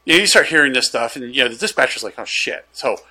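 A gun dealer rattles off a story very fast in a mid-range voice. In relaxed, animated conversation, he acts out what everyone said.

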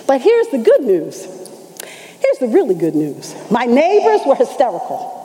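A middle-aged woman church elder telling a testimony in an animated storytelling manner, acting out the voices she quotes. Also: on the high side, unhurried, in a large hall, rough recording. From New York. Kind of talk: testimony sermon.

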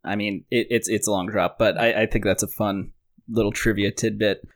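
Guy hosting a chill movie podcast, lowish voice, dropping trivia. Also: normal speed. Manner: relaxed, shares trivia, jokes around. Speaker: podcast host. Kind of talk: casual movie podcast chat.

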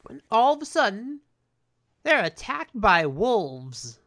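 A man's voice: high-pitched, sing-song, slow, a bit bright. A man co-hosting a casual recap chat, laid-back, swearing and acting out lines from the episode. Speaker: podcast co-host.

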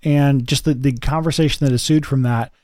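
A man co-hosting a podcast, talking in a halting way as he searches for words. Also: medium pitch, steady tone, a little mellow, dry recording, studio quality. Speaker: podcast co-host. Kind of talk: podcast discussion.

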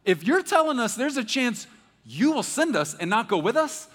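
A man voicing an exasperated, emphatic man who pleads loudly with God and repeats himself. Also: extremely high pitch, normal speed, voice pushed up, full character voice. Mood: alarmed. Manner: loud, animated, repeats himself. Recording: echoey hall.

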